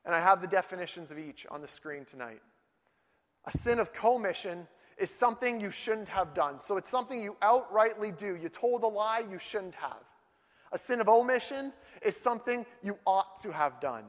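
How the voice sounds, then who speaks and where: A man preaching a sermon to a group in a church hall, telling lively stories and acting out voices and outbursts. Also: high voice. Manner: animated storytelling, acts out voices and outbursts. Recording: long hall reverb.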